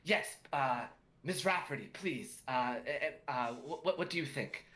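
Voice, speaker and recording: A man's voice: mid-range voice, a little slow, pushed and bright. A man doing a patient, wry magic teacher. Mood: lecturing. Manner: patient, lecturing.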